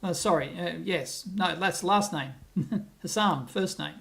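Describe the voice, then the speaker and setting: A man's voice: high voice, slow, gravelly. Chatty Australian man rambling on a livestream. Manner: rambling and chatty, laughs often, thinks out loud with restarts. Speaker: livestream host. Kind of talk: casual live-stream chat, reading viewer comments aloud. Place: at home on a laptop, away from his office.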